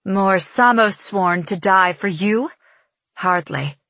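A woman's voice: medium pitch, unhurried, dry recording, pitched above the performer's own voice. A woman voicing a proud, sneering young noblewoman in an audiobook reading. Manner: sneering, sharp-tongued.

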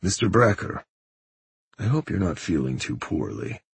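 A man voicing a polite, formal middle-aged merchant in an audiobook, with smooth, courteous phrasing. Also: low voice, very animated, normal speed, no room sound, heavily acted.

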